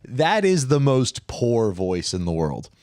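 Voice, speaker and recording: A man's voice: medium pitch, very animated, slow pace, darkish tone, no echo, clean studio sound. A man co-hosting a casual podcast, joking loosely and laughing often. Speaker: podcast co-host. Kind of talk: casual chat.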